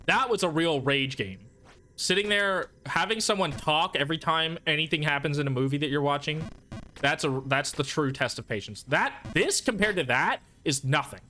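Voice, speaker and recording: A man's voice: fairly high pitch, expressive, normal speed, sharp tone, faint music behind. A man streaming a video game, telling a rambling, profane story to his chat. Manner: profane, ranting, self-deprecating. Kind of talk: casual storytelling while gaming.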